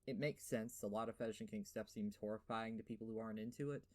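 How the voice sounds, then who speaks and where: A man's voice: lowish voice, fairly even intonation, fast talker, a little mellow. A young man with a lisp giving a sarcastic, profane game review voiceover, full of fillers and rants. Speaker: gaming video host.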